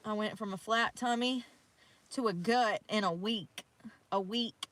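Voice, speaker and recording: A woman's voice: medium pitch, measured pace, fairly bright tone, a little hiss or hum. A breathless woman, rambling and cursing freely as she vlogs live outdoors in the snow by a river on a handheld phone. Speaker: vlogger. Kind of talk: casual livestream chat.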